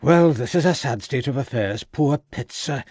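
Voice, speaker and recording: Proud Welsh village doctor, older, pompous; man reading. Raised pitch, dry audiobook sound. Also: animated, normal speed, darkish tone, dry recording, natural voice. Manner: pompous and affronted. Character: elderly Welsh town doctor, proud and stiff.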